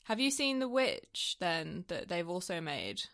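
A woman's voice: fairly low pitch, huge pitch swings, a little slow, creaky, a bit bright. Giggly chatty woman. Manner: giggly, chatty, reading out her notes. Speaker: podcast co-host. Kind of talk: casual film chat.

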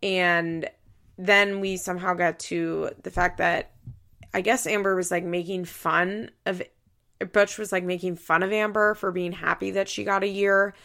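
A woman's voice: on the low side, steady tone, unhurried, creaky, pushed and bright. A young woman hosting a podcast, chatting casually through a recap, with lots of "like" and acted-out quotes. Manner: chatty, uses "like" a lot, acts out quotes. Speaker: podcast host.

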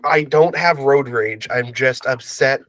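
Brief: young male co-host, dry deadpan humor, close dry mic. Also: medium pitch, a little slow, no room sound. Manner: deadpan, self-deprecating joking. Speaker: podcast co-host. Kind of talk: casual chat.

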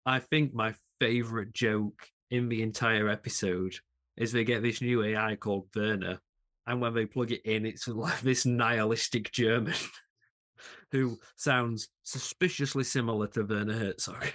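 Excitable podcast co-host man. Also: fairly low pitch, moderate pace. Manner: enthusiastic, stumbling restarts, laughs often. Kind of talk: casual chat.

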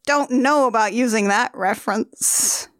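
A woman's voice: fairly high pitch, a little slow, no echo, clean studio sound. A woman co-hosting a podcast, recapping a movie in a wry, jokey way and acting out the characters' lines. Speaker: podcast co-host. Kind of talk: casual movie-recap chat.

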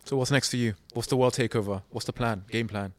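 A man's voice: mid-range voice, fast talker. A man hosting a live interview, playful and teasing as he puts questions to his guest. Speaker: interviewer host.

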